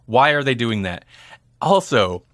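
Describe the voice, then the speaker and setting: Animated man chatting about movies. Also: mid-range voice, measured pace, no room sound, studio quality. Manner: chatty, animated, laughs often. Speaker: podcast co-host. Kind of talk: casual movie review chat.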